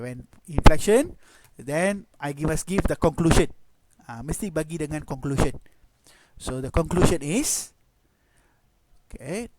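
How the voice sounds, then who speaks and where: Malaysian male math teacher, fairly high voice, steady lecturing, peppered with "okay" and "lah", heavy background noise. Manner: code-switches between English and Malay, frequent "okay" and "lah". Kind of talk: online class lecture. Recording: loud background noise with clicks.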